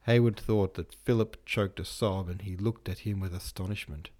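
A male podcast host calmly narrating a classic novel as an audiobook reading. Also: deep voice, moderate pace, hardly any pauses.

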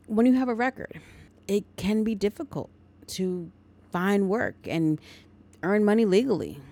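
A woman's voice: medium pitch, darkish tone. Chatty woman recapping a movie. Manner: chatty, editorializing. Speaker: podcast host.

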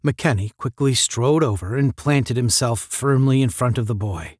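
A man reading a novel aloud in a measured, expressive narration. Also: mid-range voice, breathy edge, dry recording, studio quality. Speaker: reader. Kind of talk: audiobook narration.

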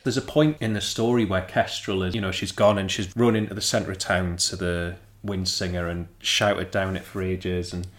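A young man, his voice sitting on the low side. He talks through a book in a relaxed, conversational way and slips into little acted-out quotes as he retells scenes. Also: moderate pace, hardly any pauses. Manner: animated storytelling, acts out quotes. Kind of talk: casual book discussion.

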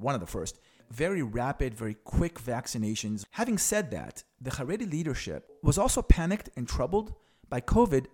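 Animated, outspoken male political commentator. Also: medium pitch. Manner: frank and sarcastic, explains to viewers. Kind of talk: opinionated explainer commentary.

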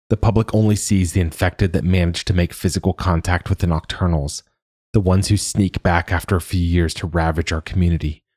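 A man voicing a gruff, weary male boss in an audiobook story. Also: low-pitched, a little mellow, dry recording, studio quality.

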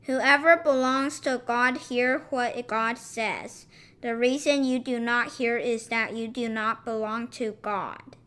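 A woman reading scripture aloud in a measured, even way. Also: a little high, clean tone. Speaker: scripture reader.

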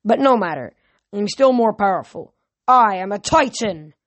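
A mocking, threatening ancient Titan lord from a storybook, as a woman reads him aloud. The voice sits at a middling pitch, and the sound is dry and close with no room around it. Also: lively intonation, normal speed, dry recording, natural voice. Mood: menacing.

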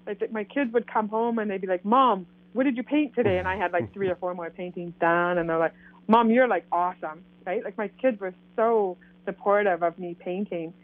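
Canadian woman, lively storyteller voicing quoted lines, heard through a thin, phone-like line. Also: mid-range voice, a little fast, few pauses, no echo. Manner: animated, acts out quoted dialogue. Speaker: guest telling her story. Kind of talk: casual storytelling. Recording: tinny phone line, dry.

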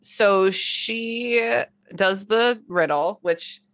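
A woman's voice: mid-range voice, drawn-out words, fairly bright tone. A woman co-hosting a podcast, chatty and casual, swearing now and then. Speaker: podcast co-host. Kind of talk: casual chat.

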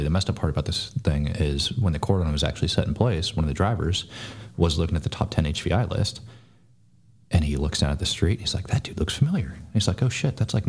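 A deep-voiced man talks fast and bluntly, swearing freely as he tells a long story. He is a former soldier speaking as a podcast guest, relaxed and conversational. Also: vocal fry, husky. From United States. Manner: blunt, profane, fast-talking. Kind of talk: casual storytelling.

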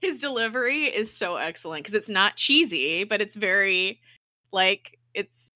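Bright-voiced woman recapping a show. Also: medium pitch, a little slow, dry recording, clean studio sound. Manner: animated retelling, acts out characters' lines. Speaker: podcast co-host. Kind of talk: casual TV recap chat.

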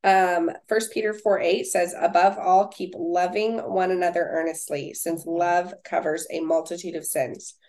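Low gravelly-voiced woman co-hosting a podcast. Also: steady tone, measured pace, few pauses. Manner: reads scripture verses then chats warmly with fillers. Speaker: podcast co-host. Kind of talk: casual faith-based chat.

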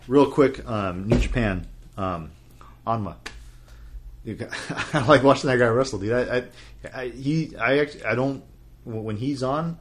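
A man hosting a casual wrestling podcast, talking in a loose, rambling way. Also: mid-range voice. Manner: rambling, many fillers and restarts. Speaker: podcast host. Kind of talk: casual chat.

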